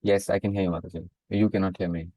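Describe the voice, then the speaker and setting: Man moderating a call, quick polite talk, very low dark voice. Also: little pitch movement, no echo, rough recording. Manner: polite, quick, repeats himself. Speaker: online session moderator. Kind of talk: casual call chat. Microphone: video call.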